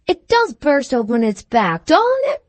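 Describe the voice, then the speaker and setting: Storybook figure: an earnest, eager little boy with plain country speech, voiced by a woman narrator. Lively and bright in tone. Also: high voice, measured pace, no echo, pitched above the performer's own voice, heavily acted.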